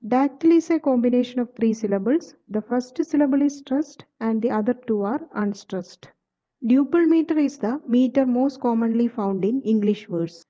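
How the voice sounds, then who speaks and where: A woman narrating a lesson in a steady, measured reading of definitions. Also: fairly high pitch, highs cut off. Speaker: teacher. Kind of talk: scripted explanatory narration.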